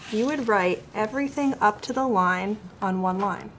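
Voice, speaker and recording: A woman teacher works one-on-one with a child, explaining calmly and step by step. Her voice sits at an ordinary middle pitch, gentle and encouraging. A faint background hiss runs beneath her. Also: moderate pace, few pauses. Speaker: writing teacher. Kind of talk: one-on-one writing coaching with a child.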